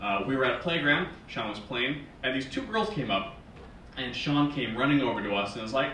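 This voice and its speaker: A man in his thirties from Northern Virginia performing a stand-up comedy set in a wry, sarcastic, animated way, recorded from a distance on a small theater stage. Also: mid-range voice, moderate pace, a little hiss or hum. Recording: echoey theater from far off. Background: live audience laughing.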